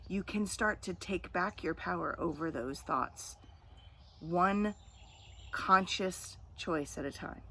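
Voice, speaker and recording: A middle-aged woman speaking as a coach, giving a calm, earnest self-help talk with repetitive phrasing. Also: fairly low pitch, slight background noise.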